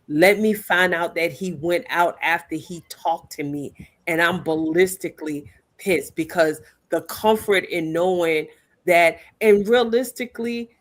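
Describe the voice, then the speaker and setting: A woman in her sixties on a podcast, talking bluntly and passionately, straight to the host. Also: mid-range voice. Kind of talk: casual podcast discussion.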